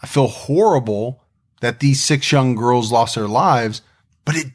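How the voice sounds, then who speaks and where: A man's voice: mid-range voice, measured pace. A man co-hosting a podcast, talking in a reflective, conversational way with frequent restarts. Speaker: podcast co-host. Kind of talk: casual podcast chat.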